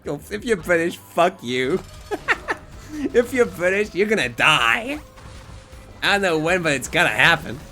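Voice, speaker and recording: A streamer chatting loosely over gameplay in a rambling, joking way and swearing freely. The pitch rises and falls a lot from line to line. Faint game music sits quietly underneath. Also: very animated, unhurried, pauses often. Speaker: Twitch streamer. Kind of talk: casual live gameplay commentary.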